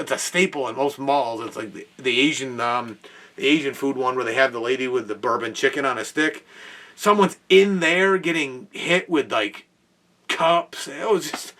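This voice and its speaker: A young man, host of a podcast, telling an animated work story in a casual way with exclamations and laughs. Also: on the high side, distant mic.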